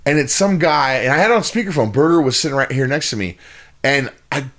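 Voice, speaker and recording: A man's voice: mid-range voice, lively intonation, quick pace, fairly bright tone. A man co-hosting a podcast, telling a long exasperated story in casual, profane chat with lots of rambling restarts. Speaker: podcast co-host.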